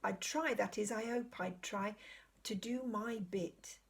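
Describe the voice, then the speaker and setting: Reading at a measured pace, a woman uses an exaggerated, gravelly, husky voice of medium pitch with big pitch swings to portray a middle-aged Cockney cab driver from London. He comes across as humble, honest and modest, shy and deferential in his plain talk.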